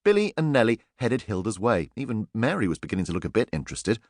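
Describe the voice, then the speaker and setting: A man narrating a children's audiobook in an expressive, playful storytelling manner. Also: on the low side, quick pace, no echo, studio quality.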